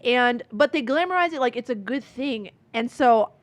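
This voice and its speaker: A woman's voice: on the high side, animated, normal speed. A woman in her twenties, a podcast guest telling her story in casual, earnest conversation full of "like" and "um". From Michigan, USA. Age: 20s. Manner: earnest, many "like" and "um" fillers.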